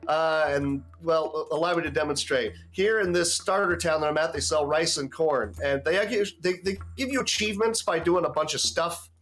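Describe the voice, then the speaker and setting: A man's voice: a little high, a little fast, hardly any pauses, fairly bright tone, soft background music. A man explaining a video game casually as he plays, with frequent restarts and small chuckles. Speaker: game player.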